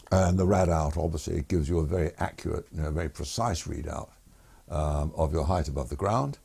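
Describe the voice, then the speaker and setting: Older ex-pilot guest, deep gravelly voice, rambling anecdotes. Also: male voice, mellow. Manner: rambling, self-correcting, chuckles while telling stories. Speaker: guest, retired air force pilot. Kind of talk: anecdotal interview storytelling.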